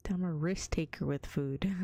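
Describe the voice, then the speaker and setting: A woman's voice: lowish voice, dark tone, no room sound. A young woman streaming as a vtuber in whispered role-play, telling stories in a chatty, giggly way that slips into whispers.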